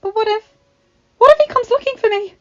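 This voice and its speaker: A woman voicing a frightened, gentle young heroine, tearful and pleading with shaky breath, in a storybook reading. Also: high voice, moderate pace, creaky, voice pushed up. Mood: distraught. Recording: slightly dull, faint background music.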